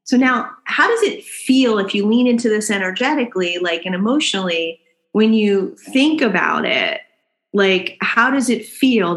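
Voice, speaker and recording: A woman guiding a chakra tapping exercise in a gentle, instructive way, checking in with "okay?" as she leads. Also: medium pitch. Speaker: energy healer guiding an exercise. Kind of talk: guided chakra tapping session.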